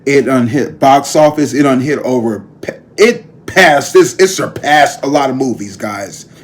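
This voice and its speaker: A man's voice: medium pitch, measured pace. Chatty man talking to camera. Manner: chatty, emphatic, addresses viewers as a group. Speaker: tarot reader and vlog host. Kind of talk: casual chat to camera.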